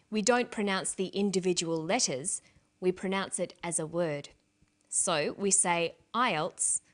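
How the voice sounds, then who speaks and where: A woman presents an English lesson at an unhurried pace. She speaks deliberately and spells out each letter with care, in a calm teaching manner. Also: mid-range voice. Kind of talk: scripted language lesson narration.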